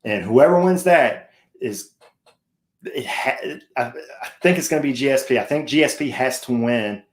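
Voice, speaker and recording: A man's voice: mid-range voice, moderate pace. Chatty joking male sports host. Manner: chatty, jokey, asks co-host and viewers questions. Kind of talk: casual sports talk chat.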